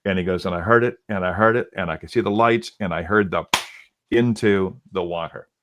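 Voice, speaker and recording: A middle-aged radio host tells a story in a low, relaxed voice. He quotes the people in it again and again with "he goes" and often restarts his sentences. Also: brisk, noisy background. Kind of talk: casual storytelling.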